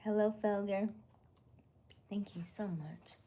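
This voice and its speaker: A woman hosting a casual livestream while eating dinner, chatting, greeting viewers by name, laughing often and sometimes dropping to a soft half-whisper. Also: mid-range voice, steady tone, slow pace. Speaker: livestream host.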